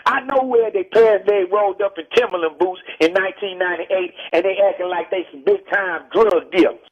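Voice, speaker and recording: Brief: high-voiced man, forceful and blunt, heard over a muffled archival phone line. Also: brisk. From Texas. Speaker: rapper interviewed by phone. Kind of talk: heated radio phone interview.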